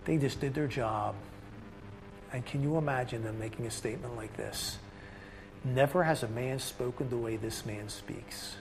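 A man's voice: medium pitch, normal speed, creaky, pauses often, a little mellow, a little hiss or hum, low-quality recording. A man teaching a Bible study, reading passages aloud and breaking off to explain them in his own words, with restarts and asides.

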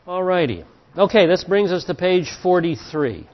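A man teaching a Bible study class, speaking in a measured, halting way with fillers and restarts. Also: high voice, expressive. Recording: dull lo-fi recording.

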